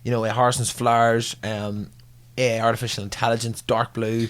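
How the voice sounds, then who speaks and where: A man's voice: mid-range voice, level tone, normal speed. Chatty man, laughs a lot. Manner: chatty, laughs often, filler-heavy. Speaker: podcast co-host. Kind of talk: casual chat.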